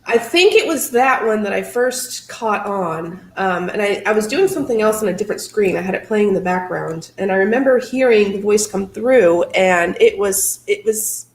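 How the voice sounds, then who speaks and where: A woman's voice: medium pitch, lively intonation, normal speed, few pauses. Chatty woman host in an echoey room. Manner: chatty, upbeat, laughs often. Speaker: paranormal channel host. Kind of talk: casual chat.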